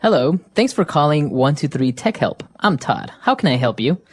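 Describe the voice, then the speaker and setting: A woman's voice: low-pitched, big pitch swings, normal speed, faint music behind. A woman playing a polite male tech support agent who patiently reassures a panicked caller in a scripted learner dialogue. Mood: calm.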